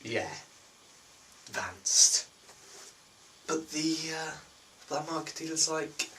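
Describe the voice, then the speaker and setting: A teenage boy spins a rambling comic story, tripping over his words and dropping deadpan asides. His voice is bright and a touch high. He sits some way from the mic, with faint noise behind. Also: takes it slowly, pauses often, distant mic, poor audio. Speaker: comedy vlogger.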